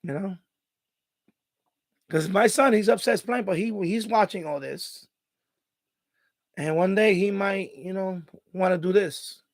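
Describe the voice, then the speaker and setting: A middle-aged man streams live from home, his high voice recorded with no room sound. The chat is casual but emotional; he gets choked up and rambles, restarting again and again.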